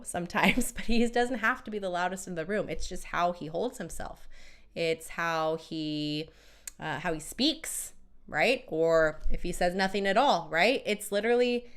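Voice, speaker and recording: A woman hosting a casual live stream as a relationship coach, talking emphatically and chattily while she has a cold and keeps coughing. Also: fairly low pitch. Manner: emphatic and chatty, with frequent "right?" and repeated words.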